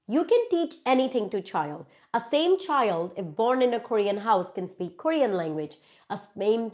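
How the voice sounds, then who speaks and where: A woman with an Indian English accent and a voice on the high side hosts a casual live Q&A. She answers viewer questions emphatically, repeating words for stress.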